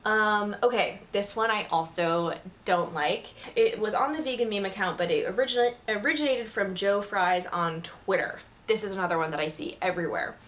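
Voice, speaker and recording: A woman's voice: mid-range voice, a bit bright. A woman talking straight to camera in a casual way, full of "like" fillers and frank opinions. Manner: chatty, filler-heavy, candid opinions. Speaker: vegan video creator.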